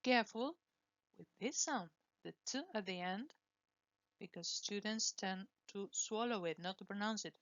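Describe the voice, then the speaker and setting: A woman teaching English pronunciation, slowly and deliberately modelling words for students to repeat. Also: mid-range voice, fairly bright tone, no room sound, highs cut off. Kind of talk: pronunciation lesson with drills.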